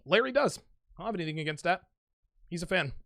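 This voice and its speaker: Brash guy hosting a live call-in show, high gravelly voice, dry close mic, repeats himself a lot. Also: expressive, fast talker, a bit bright, no room sound. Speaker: livestream host reading super chats and taking calls. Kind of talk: casual live show chat.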